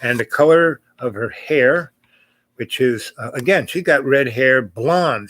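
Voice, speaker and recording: A man's voice: mid-range voice, unhurried, fairly bright tone, dry recording. A middle-aged man hosting a podcast, telling a personal story casually and rambling, with many fillers and restarts. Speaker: podcast host.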